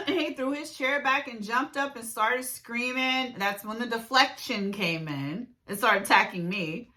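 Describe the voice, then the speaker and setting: A middle-aged woman with a dry throat, telling a personal story in a casual vlog, animated and often clearing her throat. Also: fairly high pitch, normal speed, low-quality recording.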